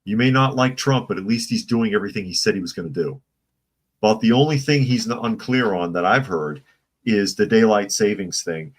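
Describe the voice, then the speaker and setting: Man, very low voice, casual stream host, opinionated, rambling, reads chat aloud. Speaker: political commentary channel host. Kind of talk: casual live-stream commentary.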